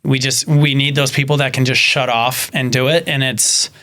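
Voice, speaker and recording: A man in casual podcast chat, telling rescue stories at an ordinary, mid-range pitch. He talks animatedly and acts out the voices of the people he quotes. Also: steady tone, normal speed, sharp tone.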